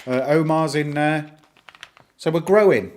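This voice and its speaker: A man's voice: on the high side, unhurried, a little mellow. Chatty northern English man streaming. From northern England. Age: middle-aged. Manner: chatty, rambling, answers chat, lots of fillers. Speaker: livestream host. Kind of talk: casual live-stream chat.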